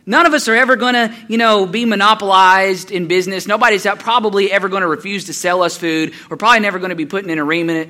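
A man preaches in quick, lively bursts and tells folksy stories. His voice sits high and sounds bright and forceful. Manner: animated, folksy storytelling. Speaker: pastor. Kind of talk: sermon with storytelling.

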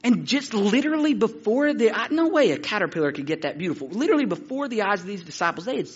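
A man preaching a sermon, telling stories in an animated, excited and halting way. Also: high voice, slightly rough, highs cut off. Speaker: pastor.

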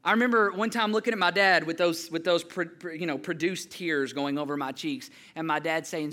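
High bright-voiced guy preaching, storytelling then firing off questions. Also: fairly even intonation, a little fast, few pauses. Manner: storytelling, building to impassioned rhetorical questions. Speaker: pastor. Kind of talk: sermon.

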